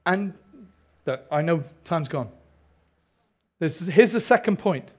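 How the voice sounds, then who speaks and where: Male preacher, high voice, animated sermon delivery with congregation asides. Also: takes it slowly, husky. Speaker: pastor.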